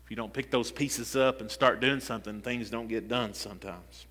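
A man's voice: medium pitch, fairly even intonation, normal speed, fairly bright tone. A man preaching a sermon. He builds in intensity and keeps repeating "listen" as he restarts his phrases. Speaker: pastor. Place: church sanctuary. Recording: long hall reverb.

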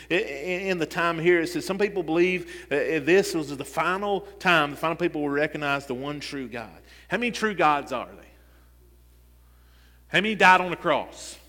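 A man preaches a sermon, his fairly high voice rising in fervor as he repeats "listen" and restarts his lines. His tone is bright and forceful. The recording carries a long hall reverb from the church. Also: moderate pace. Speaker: pastor. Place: church sanctuary.

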